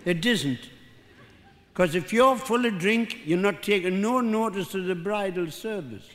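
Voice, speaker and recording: A high-pitched older man with a Geordie accent, from North East England, rambles through a self-mocking comedy routine and exchanges banter with the audience. His intonation is lively, his delivery a little slow, his tone fairly bright. The recording comes from a live hall with faint crowd ambience.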